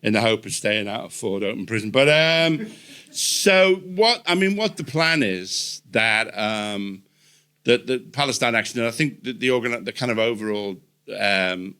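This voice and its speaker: A man's voice: mid-range voice, lively intonation, measured pace, sharp tone, clean tone. An older man hosting a live podcast on stage, telling rambling anecdotes full of restarts. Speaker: podcast host. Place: comedy venue stage with live audience.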